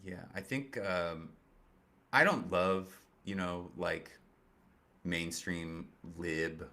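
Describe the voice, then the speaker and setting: Casual political comedy commentary comes from a male host whose low, pushed, bright voice holds a steady tone and stretches out his words. His delivery is sarcastic and meandering, full of profanity, filler words and false starts.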